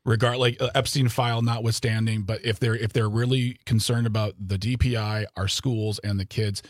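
A man's voice: fairly low pitch, fairly even intonation, normal speed, no echo, studio quality. A man co-hosting a political discussion podcast, talking earnestly and rambling with frequent restarts. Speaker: podcast co-host.

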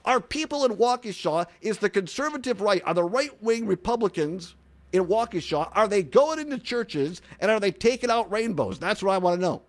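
A man hosting an opinionated talk radio show from a studio, animated and mocking, laughing often. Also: high voice, normal speed.

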